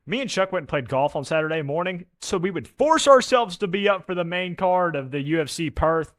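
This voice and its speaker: A man's voice: high-pitched, fairly quick, few pauses, no echo, studio quality. A young man co-hosting a casual sports podcast, telling stories with energy and swearing now and then. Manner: animated storyteller, swears casually. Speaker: podcast co-host.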